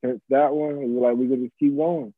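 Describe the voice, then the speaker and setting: This pop-up shop organizer, a guest in his mid-twenties, has a medium-pitched voice, a steady tone, and a brisk pace. He's laid-back and reflective in a casual interview, using lots of fillers. The line sounds tinny, like a phone, with no echo.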